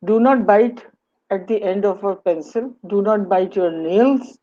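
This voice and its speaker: A woman's voice: medium pitch, unhurried, highs cut off. A woman with an Indian English accent giving a webinar lecture, teaching in an instructive way, asking rhetorical questions and slipping into Hindi. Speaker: webinar speaker on communication skills.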